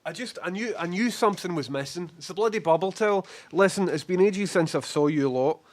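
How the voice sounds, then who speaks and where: A man's voice: high voice, fairly quick, no echo. Chatty Scottish man with a cold. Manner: chatty, greets viewers warmly by name. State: slightly hoarse from a cold. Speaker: live streamer. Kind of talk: casual live-stream chat.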